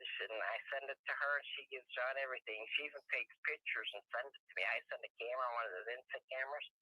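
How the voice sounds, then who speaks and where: A woman's voice: very deep voice, no echo, dull audio. An older woman, a mother telling her story in an interview in a rambling, emphatic way. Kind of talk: casual interview talk.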